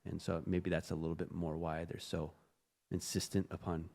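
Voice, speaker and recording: Midwestern American man, low-pitched, wry chatty podcast guest, echoey room. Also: little pitch movement, gravelly, darkish tone. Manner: chatty, self-mocking, quick asides. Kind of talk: casual podcast chat.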